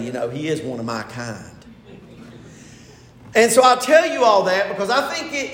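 A pastor preaching a sermon, retelling a story with quoted lines and building to emphatic points. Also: male voice, on the high side, fairly bright tone, reverberant, big-room sound.

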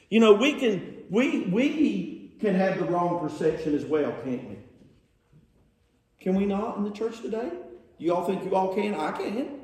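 A man with a high voice preaches a sermon in a church, reading from scripture and retelling it with sarcasm. He keeps putting rhetorical questions to his congregation. The sound carries a roomy echo. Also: animated, normal speed, a little mellow. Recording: echoey room.

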